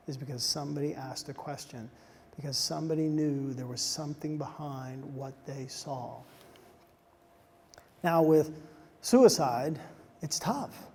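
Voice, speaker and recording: A man giving a motivational talk to soldiers, telling stories in an animated way and dropping to a soft hush at emotional moments. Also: fairly high pitch, slight background noise. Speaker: speaker addressing soldiers. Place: large hall on a military base. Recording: long reverb of a large hall.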